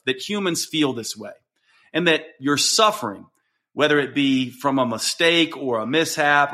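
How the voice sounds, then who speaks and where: A man's voice: a little high, sharp tone. A man hosting a podcast, earnestly explaining how to respond to someone going through a hard time, acting out example phrases as he goes. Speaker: podcast host. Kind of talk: solo coaching talk.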